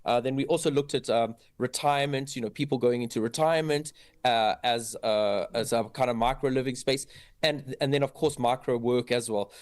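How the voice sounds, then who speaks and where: A man guesting on a radio show as a creative director, talking with many pauses and fillers. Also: mid-range voice, steady tone, dry recording. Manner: hesitant, full of fillers. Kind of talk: radio interview.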